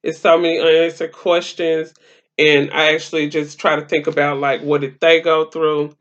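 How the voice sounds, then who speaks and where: A woman's voice: sits low, level tone, moderate pace, muffled recording. A woman hosting her own live talk stream, chatting casually to viewers in a rambling way with many fillers. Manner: rambling, filler-heavy, talks straight to viewers.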